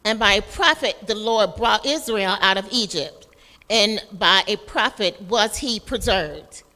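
Slow, bright-voiced woman reading scripture. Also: medium pitch, lively intonation, long reverb tail. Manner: careful, deliberate reading of verses. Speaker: class member reading aloud.

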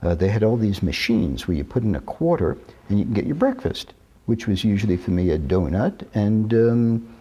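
Brief: husky-voiced man, 60s, interview guest, lively, lowish, careful deliberate delivery. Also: highs cut off. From New York. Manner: measured, deliberate, careful diction. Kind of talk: reminiscing interview talk.

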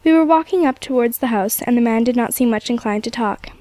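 Woman narrator, storybook reading, steady and measured, fairly high voice, dry close sound. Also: no room sound.

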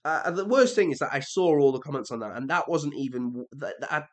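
A young man with an English accent, chatting casually as he reacts to comments, sarcastic and prone to exasperated high-pitched rants. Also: lively intonation, fast. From England. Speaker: reaction video creator.

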